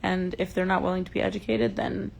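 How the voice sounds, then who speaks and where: A woman's voice: mid-range voice, flat delivery, quick pace, vocal fry. A woman hosting a casual livestream chat, talking heatedly and emphatically and swearing often, into a phone held close. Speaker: livestream host.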